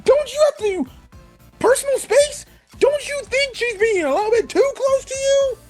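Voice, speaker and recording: A man voicing a teenage anime girl, exasperated and scolding, in a shrill falsetto. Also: lively intonation, normal speed, soft background music. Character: teen anime girl, mocking and indignant.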